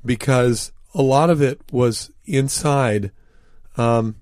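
A man recounts anecdotes as an interview guest. He is earnest, pauses on fillers, and slows right down on key words. His voice sits at a middling pitch and sounds close and dry in the studio. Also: a little mellow, dry recording. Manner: earnest anecdotal storytelling with frequent fillers, slowing down for emphasis. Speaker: author and guest. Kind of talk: storytelling in an interview.

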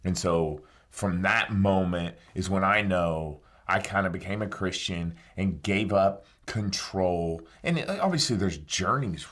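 Husky-voiced man in his forties, low register, reflective interview guest who acts out remembered dialogue. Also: measured pace, hardly any pauses, fairly bright tone. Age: 40s. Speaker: interview guest, former soldier. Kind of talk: reflective storytelling in conversation.

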